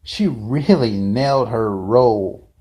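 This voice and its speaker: A man's voice: medium pitch, slow pace, warm tone. A man giving a casual, unscripted fan review, rambling off the cuff with frequent asides and restarts.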